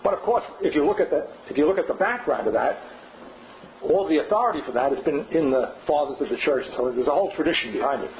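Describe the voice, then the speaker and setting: Older man, seminar lecturer, informal, digressive, thinking aloud, slightly high voice, muffled lo-fi recording. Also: lively intonation, fast, a little hiss or hum. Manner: digressive, thinking aloud, frequent rhetorical "right?". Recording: dull lo-fi classroom recording.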